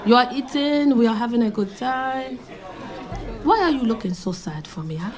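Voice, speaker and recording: A woman's voice: a little high, lively intonation, moderate pace, loud music behind the voice, close to an everyday voice. A woman comedian doing a pushy African man who pleads and gives hurtful compliments. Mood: matter-of-fact. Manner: insistent, pleading, backhanded compliments. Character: smooth-talking African man suitor, blunt and persistent. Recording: live club with crowd laughter.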